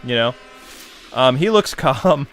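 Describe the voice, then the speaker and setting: A man's voice: mid-range voice, expressive, takes it slowly, a bit bright, faint music behind. A man giving a casual, slangy film review that swings from laid-back to exasperated.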